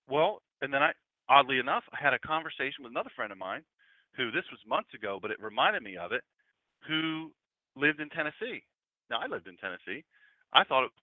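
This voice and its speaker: A man's voice: medium pitch, dry recording. A man in his fifties preaching a casual, conversational sermon and talking with his congregation. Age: 50s. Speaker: pastor. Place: church room with congregation. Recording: tinny phone-like sound.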